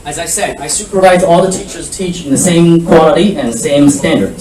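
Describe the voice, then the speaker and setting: Far from the microphone in an echoey presentation room, a man with a rather high voice, a school principal, lectures prospective students with energy. He blends French phrases into his drills, and a low hum lingers behind him.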